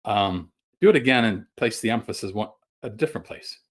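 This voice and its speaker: A middle-aged man presenting a webinar over a video call, folksy and halting, with many fillers and restarts. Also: fairly low pitch, lively intonation. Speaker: guest sales trainer.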